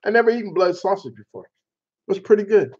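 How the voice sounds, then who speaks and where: A man hosting a casual chat show, telling a story in an animated way with laughter and mild cursing. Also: sits high, brisk, a little hiss or hum. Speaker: show host. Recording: dull lo-fi sound.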